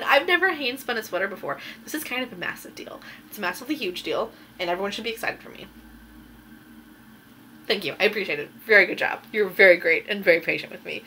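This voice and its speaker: A woman's voice: medium pitch, pushed and bright, slight background noise. A woman hosting a knitting podcast, chatting casually and rambling a little with plenty of ums as she shows her finished projects. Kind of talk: casual show-and-tell chat.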